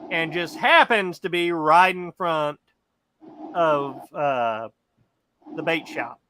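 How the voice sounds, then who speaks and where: A man's voice: on the high side, slow, bright, forceful tone, a little hiss or hum. A man co-hosting a podcast, rambling and cursing in casual chat, laughing often. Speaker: podcast co-host.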